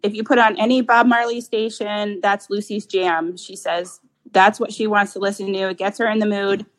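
A woman's voice: mid-range voice, level tone, moderate pace, low-quality recording. A woman talking about her dog as a guest, chatty and rambling, with lots of fillers. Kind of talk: casual interview chat.

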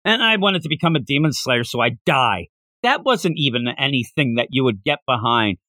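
A man's voice: mid-range voice, moderate pace, dry recording, studio quality. A man co-hosting a casual manga podcast, recapping a chapter and acting out the characters' lines as he goes. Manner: animated, acts out characters' lines while recapping. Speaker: podcast co-host.

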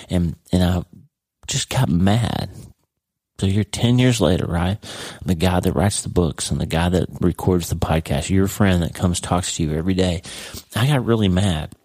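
A man's voice: low voice, normal speed, a little mellow, dry recording. A middle-aged man hosting a podcast, talking earnestly and heartfelt straight to his listener in a personal monologue. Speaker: podcast host.

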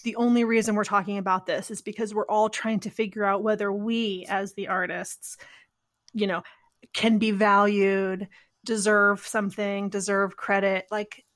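A woman's voice: medium pitch, little pitch movement, moderate pace, fairly bright tone. Rambling reflective woman podcaster. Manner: rambling, reflective, trails off mid-thought. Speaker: podcast co-host. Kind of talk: casual conversation.

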